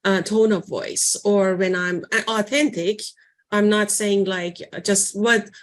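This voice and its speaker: A woman leading a library workshop in an informal teaching voice, conversational and often pausing to search for words with fillers. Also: mid-range voice, fairly even intonation. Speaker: workshop presenter.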